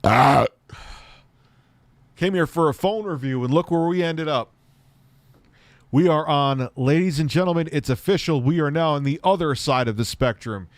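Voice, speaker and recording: A man's voice: on the high side, moderate pace, pauses often, no room sound. Rambling, crude middle-aged man streaming. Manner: rambling, crude joking, talks to chat. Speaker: tech streamer. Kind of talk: live-stream banter.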